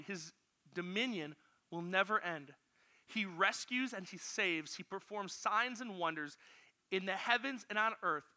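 High, bright-voiced youth pastor. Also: male voice. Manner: energetic, directs volunteers playfully. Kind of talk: youth sermon with acted-out Bible story.

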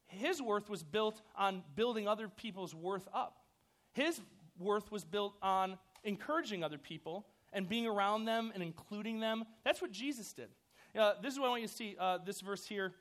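A youth pastor with a notably high voice preaches to a group of young teens. He talks loosely and animatedly, full of "like" and "you know". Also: moderate pace, a bit bright. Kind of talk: sermon.

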